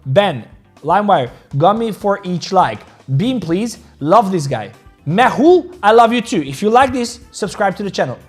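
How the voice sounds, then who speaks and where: A man's voice: high voice, sing-song, normal speed, slightly rough, faint music behind. A man hosting a crypto trading livestream, rambling casually, swearing freely and joking with viewers about their likes. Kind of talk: casual livestream chat, reading viewer comments.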